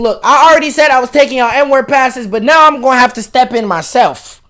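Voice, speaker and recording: A man hosting a reaction video, giving loud, incredulous, slang-heavy comedic commentary. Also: very high-pitched, brisk.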